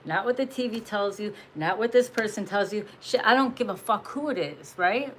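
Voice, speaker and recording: A woman's voice: medium pitch, normal speed, a bit bright, slight background noise, rough recording. A woman giving a casual spiritual message as a tarot reader, blunt and profane, laughing often and pressing her points with emphasis.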